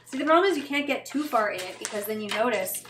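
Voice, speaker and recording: A woman's voice: a little high, animated, fast talker, fairly bright tone. A woman chatting casually on a livestream while she works, rambling and swearing when frustrated. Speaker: fashion designer. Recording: echoey room with background noise.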